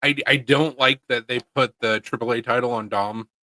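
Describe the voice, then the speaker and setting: A man's voice: mid-range voice, fairly even intonation, normal speed, sharp tone, no room sound, rough recording. Laid-back rambling man, dry sound. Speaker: livestream host. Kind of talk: casual chat.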